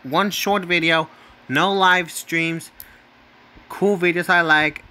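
A man with a bright, fairly high voice talks very slowly through a casual on-screen ranking. He rambles, circles back to the same points, and keeps tagging "right?" onto his sentences. He stumbles over names and corrects himself as he goes. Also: fairly even intonation. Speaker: channel host.

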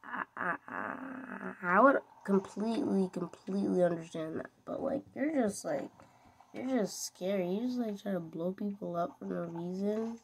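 A woman's voice: medium pitch, moderate pace, creaky, slight background noise. A woman giving playful, rambling commentary over her gameplay, giggling often. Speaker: gaming video creator.

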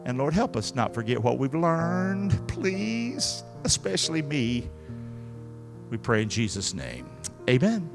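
A man preaching as pastor, pleading and repeating himself, moving between hushed prayer and loud exhortation in a large church hall. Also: medium pitch, sing-song, unhurried, over music. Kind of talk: sermon and altar call.

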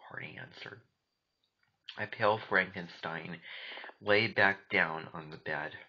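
A man reads a story aloud in a hushed, soft manner, sometimes dropping close to a whisper. His voice is low yet bright and forceful. The recording sounds dull and lo-fi, with a faint hiss underneath. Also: takes it slowly, long pauses. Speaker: audiobook narrator. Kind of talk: storybook reading.

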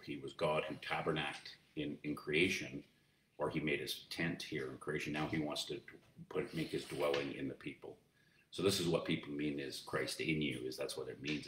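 A man's voice: extremely low pitch, fairly bright tone. A man preaching as pastor, teaching in a conversational way with many fillers and restarts. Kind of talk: sermon. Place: church. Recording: roomy echo, distant mic, faint noise.

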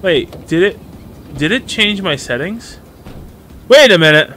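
A man's voice: sits high, lively intonation, a little slow, sharp tone, slight background noise. A man streaming a game live, chatting casually and greeting viewers by name as he plays. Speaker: gaming streamer. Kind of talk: live gameplay commentary.

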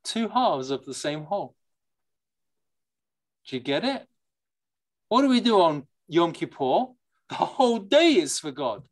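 A lively, digressive class teacher reads texts aloud and unpacks them in an informal lecture. The voice sits at a middling pitch and keeps turning to the listeners with questions, with Yiddish and Hebrew words mixed into the talk. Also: a little slow, pauses often. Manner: mixes in Yiddish and Hebrew terms. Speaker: teacher leading a study class.

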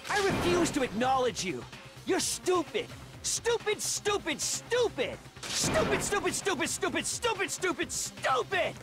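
An actor voicing a hot-headed, defiant teenage boy in a video game dub, shouting and hurling insults. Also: extremely high pitch, sing-song, a little slow, full character voice. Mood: taunting. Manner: shouting denials, insulting, explosive. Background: game music.

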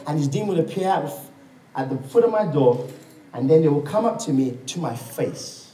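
A male preacher with a high, swooping voice tells his testimony as a story, playing out each voice as he goes. He calls out to the congregation for amens. He sounds roomy and echoey, picked up from a distance in a church hall. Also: animated, brisk, dark tone. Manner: storytelling, acting out quoted dialogue and calling for amens. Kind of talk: sermon with personal testimony. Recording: echoey room, mic far off.

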